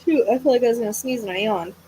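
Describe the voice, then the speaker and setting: A woman's voice: fairly high pitch, racing, warm tone, a little hiss or hum, low-quality recording. A woman hosting a live psychic reading, thinking aloud in a hesitant, searching way and sounding tired. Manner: hesitant, searching, trailing off into self-corrections. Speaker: psychic medium host.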